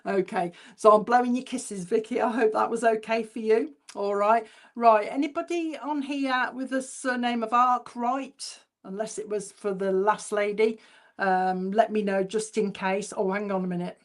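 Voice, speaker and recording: A woman's voice: on the high side, fairly even intonation. A woman, a spiritualist medium giving clairvoyant messages at a church service in a chatty, informal way. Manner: chatty and informal, relays messages by repeating them slowly.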